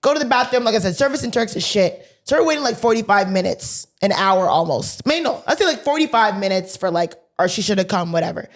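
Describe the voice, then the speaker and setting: A woman co-hosting a podcast who tells a story in casual chat, animated, swearing freely and acting out the dialogue. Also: mid-range voice, fast, hardly any pauses. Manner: animated, swears freely, laughs mid-sentence; acts out quoted dialogue. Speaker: podcast co-host.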